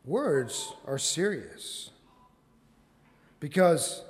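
A man preaching a sermon, quoting scripture in old-fashioned wording and building to loud, emphatic peaks. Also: a little high, lively intonation, normal speed. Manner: quotes scripture in King James wording. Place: church sanctuary. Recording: long hall reverb.

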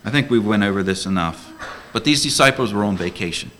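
Bright-voiced deacon preaching a sermon. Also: male voice, fairly low pitch, lively intonation, quick pace, a little hiss or hum. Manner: earnest, rhetorical questions, emphatic. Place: church before a congregation.

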